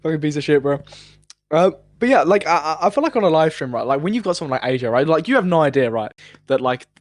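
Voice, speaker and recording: A man's voice: fairly high pitch, animated, fast talker, no room sound. A young man hosting a podcast in casual chat, rambling through his questions with many fillers and curse words. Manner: rambling, filler-heavy, profane. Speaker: podcast host.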